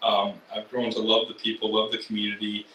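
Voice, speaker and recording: Man from Canada, interview guest, earnest, reflective, bright tone, echoey off-mic sound. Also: lowish voice, monotone, fairly quick, far from the mic, a little hiss or hum. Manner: earnest, reflective, frequent ums. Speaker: guest, baseball player and English teacher. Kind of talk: casual interview answers.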